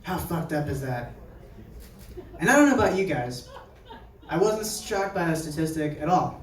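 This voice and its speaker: A man's voice: a little high, normal speed, distant mic. Young man doing stand-up in an echoey room. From New Jersey. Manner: conversational, animated voices for quoted people. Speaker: stand-up comedian. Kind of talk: stand-up set. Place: brewery at a live show. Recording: echoey venue heard from afar.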